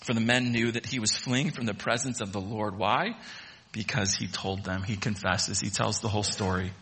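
A man preaching a sermon, animated and acting out the voices of the people in the story. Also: on the low side, moderate pace, slight background noise. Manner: animated, acts out voices of the sailors. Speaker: pastor.

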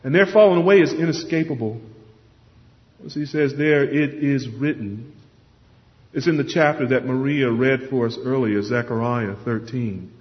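A man's voice: medium pitch, normal speed. Male preacher, sermon, emphatic, repeats himself for stress, muffled lo-fi recording. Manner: earnest, emphatic, repeats words when stressing a point. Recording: dull lo-fi sound with long hall reverb.

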